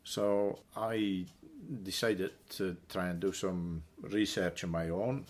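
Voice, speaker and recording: A middle-aged man, a livestock farmer telling his story slowly, with many hesitant fillers and repeats. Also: deep voice, fairly even intonation. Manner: deliberate, with frequent hesitant fillers and repeated words. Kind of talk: reflective interview storytelling.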